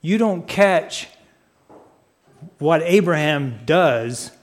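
A man preaching a sermon, speaking deliberately and putting questions to his listeners. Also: on the high side, lively intonation. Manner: asks the audience questions; unhurried, deliberate. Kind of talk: sermon teaching.

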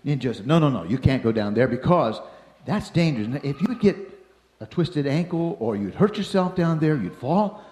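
Older guy telling a story, acts out all the shouting, lots of up and down, kinda echoey. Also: a little high, normal speed. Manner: animated, acts out the voices and shouts in his story. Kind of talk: personal anecdote storytelling. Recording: roomy echo.

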